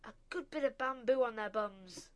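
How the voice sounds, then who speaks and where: A woman voicing a pompous, bad-tempered middle-aged male banker who rants loudly in a storybook reading. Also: on the high side, brisk, lightly acted. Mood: ranting. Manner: loud, ranting, snapping.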